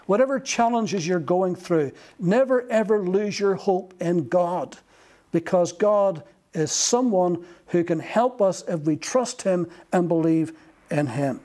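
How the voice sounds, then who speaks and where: A man preaching a sermon in a slow, emphatic way, pausing between phrases. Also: sits high, warm tone. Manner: slow, emphatic delivery with long pauses.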